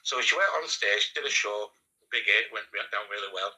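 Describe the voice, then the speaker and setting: A man with a Northern English accent, casually telling lively anecdotes and acting out the lines of the people in them, laughing often. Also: fairly low pitch, a little fast, husky, poor audio. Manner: animated storyteller acting out quotes, laughing often. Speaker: radio presenter guest.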